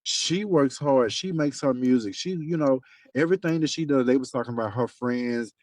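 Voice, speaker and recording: A man gossiping with his best friend on a phone call. He tells lively, profane stories in slangy talk. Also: mid-range voice, moderate pace, a little hiss or hum.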